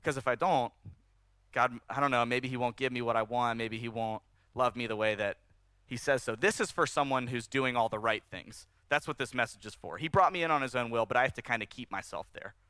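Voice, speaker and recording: Guy preaching a sermon, bright forceful voice, kinda high, dry close sound. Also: a little fast, clean tone, no room sound. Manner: animated, conversational preaching with rising emphasis. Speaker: pastor. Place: church service.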